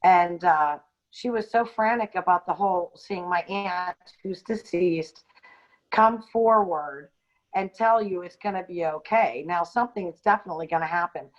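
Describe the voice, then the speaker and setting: A woman co-hosting a podcast, telling a personal story in an unscripted, halting way with frequent ums and restarts. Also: lowish voice. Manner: hesitant, many ums and restarts. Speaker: podcast co-host. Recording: dull lo-fi audio.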